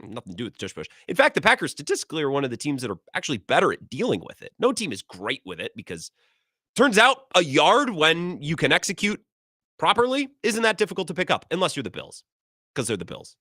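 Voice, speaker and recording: A man's voice: on the high side, huge pitch swings, quick pace, bright, forceful tone, no room sound, studio quality. A man hosting sports talk radio, ranting sarcastically about his team.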